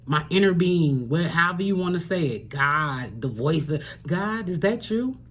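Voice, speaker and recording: A woman giving a spiritual tarot reading to camera, earnest and preachy. She repeats phrases for emphasis and sometimes drops to a soft near-whisper. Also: deep voice, expressive, normal speed. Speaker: tarot reader.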